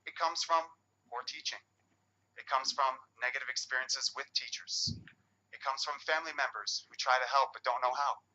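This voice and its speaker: A man giving an animated public talk, with dramatic pauses. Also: medium pitch. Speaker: speaker. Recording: dull lo-fi recording.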